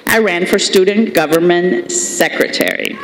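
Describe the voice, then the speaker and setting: A woman's voice: on the low side, measured pace, a little hiss or hum. Middle-aged Colombian-accented woman, commencement speaker, humorous storyteller, roomy venue sound with long reverb. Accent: Colombian Spanish. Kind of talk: commencement speech. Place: large ceremony hall. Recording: echoey hall with long reverb.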